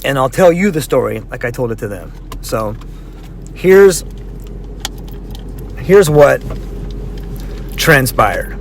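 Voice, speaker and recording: A man casually telling a long personal story, animated and acting out what people said, swearing freely. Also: medium pitch, a little slow, vocal fry, long pauses, a little hiss or hum. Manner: animated, acts out quoted voices, swears freely.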